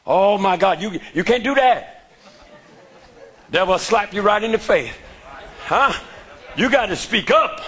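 A man preaching a sermon who shouts often and calls out to the congregation for response. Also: sits high, animated, measured pace, pauses often, some chatter behind.

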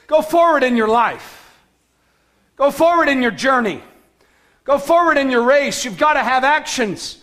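A man preaching a sermon as pastor, emphatic, with shouted calls to action and sudden soft, low passages. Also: animated, measured pace, long pauses.

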